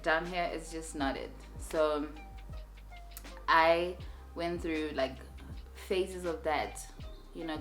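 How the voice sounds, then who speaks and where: A young woman talking candidly to her viewers in a vlog, telling her story in a chatty, expressive way. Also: low voice. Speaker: vlogger.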